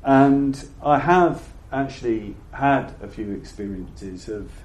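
In a thoughtful Buddhist talk before an audience, an elderly man speaks in a halting manner, repeating himself as he gropes for phrasing. His pitch is medium and his tone somewhat dark, captured in an echoey room with slight background noise.

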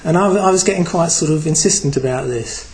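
A man's voice: fairly high pitch, brisk, rough recording. A man from Britain giving a Buddhist talk to a group, reflective and hesitant, with many fillers. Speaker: Buddhist teacher.

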